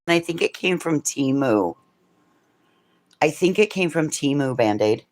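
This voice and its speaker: Woman livestream host, casual chat with a salty tongue, lively pitch, slow delivery. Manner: chatty and swearing, thanks viewers by name.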